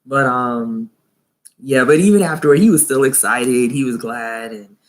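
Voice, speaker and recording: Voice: medium pitch, unhurried. A young adult vlogger giving a live, casual review of a TV show, chatting and laughing often, with incredulous asides.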